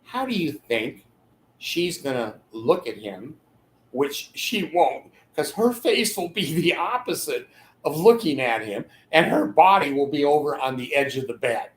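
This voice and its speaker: An older man with a slightly high voice rambles slowly through a monologue. He breaks into chuckles mid-sentence and acts out the people in his stories. The room is echoey. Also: sing-song. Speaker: channel host giving advice.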